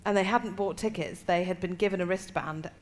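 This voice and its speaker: A woman stand-up comedian, a guest on a live comedy chat show, telling animated stories and laughing often. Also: on the low side, fairly quick.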